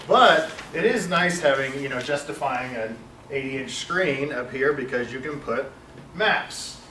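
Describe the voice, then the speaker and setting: A man's voice: medium pitch, lively intonation, measured pace, sharp tone, slight background noise. Man teaching in an echoey room. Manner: rambling, self-correcting, with many fillers. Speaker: Bible study teacher. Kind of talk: informal classroom teaching. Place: classroom with a large screen. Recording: echoey room, far from mic.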